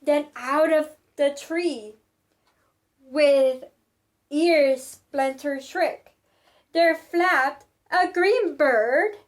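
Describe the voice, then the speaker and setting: A woman reading a picture book aloud to children in an expressive, sing-song way. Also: high voice, drawn-out words. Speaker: children's storyteller.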